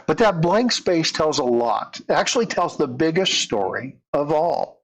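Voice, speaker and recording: A man voicing a gentle, wise old grandfather who speaks softly and patiently to his grandchildren. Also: fairly high pitch, sing-song, unhurried, rough recording. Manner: soft, patient, fond.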